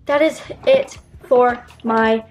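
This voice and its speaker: A woman's voice: a little high, fairly even intonation, takes it slowly, music in the background. Chatty teenage girl with a tired throat. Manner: chatty, rambling, with many ums and self-corrections. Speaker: beauty vlogger. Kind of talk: casual makeup collection tour.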